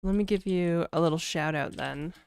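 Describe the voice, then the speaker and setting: Woman streamer, low-pitched, unhurried delivery, casual chat with viewers, dry close sound. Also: creaky, a little mellow, smooth, no echo. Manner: laid-back, chatty, full of "like" and "dude", laughing often. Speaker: game developer streamer.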